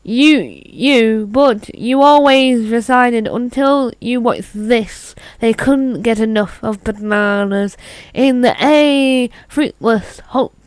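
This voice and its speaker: Brief: British woman vlogger, slightly high voice, reads an article aloud in a relaxed, chatty way. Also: slow, hardly any pauses, clear, resonant tone, no room sound. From Britain. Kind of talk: casual chat reading an article aloud.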